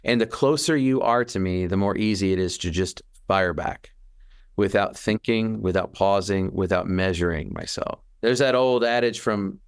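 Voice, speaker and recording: This podcast co-host has a low, smooth voice and talks at a normal speed. He's casual, reflective and earnest, animated as he acts out quotes, and he often restarts his sentences.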